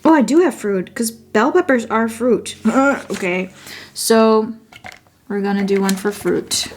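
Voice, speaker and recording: Slightly high-pitched and unhurried, this woman speaks with a Dutch accent as a native Dutch speaker, with a bit of background noise. She's a vlogger casually chatting as she sets up her journal, thinking aloud and fixing her own words as she goes.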